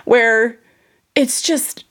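A woman's voice: a little high, fairly even intonation, very slow, fairly bright tone. A woman in her thirties, a parenting podcast host, candidly telling a personal story to her listeners, full of casual fillers. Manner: candid, confessional, frequent "like" fillers.

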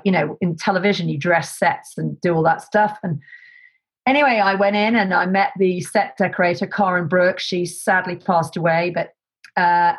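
A woman's voice: fairly low pitch, rough recording. Woman guest, chatty storyteller, mimics voices, rambling restarts. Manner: animated, acts out quoted voices, many fillers and restarts. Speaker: guest, set decorator. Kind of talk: casual anecdotal storytelling.

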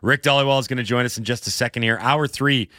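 A man co-hosting a sports radio show, upbeat and lively, rattling through sponsor reads and banter in a studio. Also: medium pitch, very fast, dry recording. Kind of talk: casual sports radio chat and live ad reads. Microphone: studio microphone.

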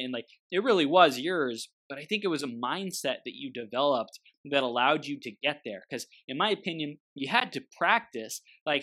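A man's voice: medium pitch, lively intonation, moderate pace, hardly any pauses, a bit bright. A man hosting an interview, talking in an easy, encouraging and reflective way. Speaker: interview host. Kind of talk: casual interview chat.

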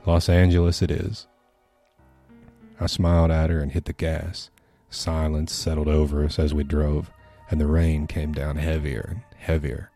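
A man narrating a scary story for a podcast in a steady, measured reading. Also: very deep voice, faint music behind. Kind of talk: scripted horror story narration.

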